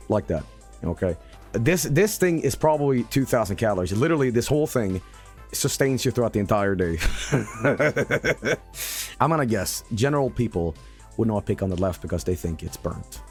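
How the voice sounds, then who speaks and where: Animated man streaming, hyperbolic rants. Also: mid-range voice, normal speed, faint music behind. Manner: animated, hyperbolic, swears and shouts at losses; mock-announcer flourishes. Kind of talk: casual gameplay commentary.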